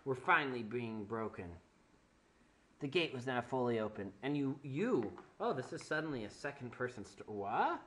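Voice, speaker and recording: Very animated, with a medium-pitched, fairly bright voice at moderate pace, a young man performs a mock-dramatic reading of bad fanfic. He skewers the writing with sarcastic asides and breaks into laughter.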